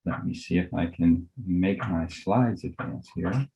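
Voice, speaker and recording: An older man, a physician, giving a measured academic lecture on a video call, courteous and full of fillers. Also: sits low, warm tone, low-quality recording. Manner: measured, courteous, thinks aloud with many fillers.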